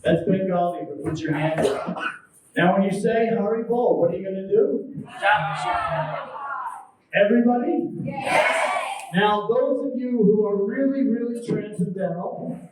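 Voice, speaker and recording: Man, spiritual lecturer, playful, shouted call-and-response, slow delivery, distant mic. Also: high-pitched, very noisy. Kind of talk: playful lecture leading a crowd in chants. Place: large temple hall with a crowd. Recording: echoey hall from far off, loud crowd.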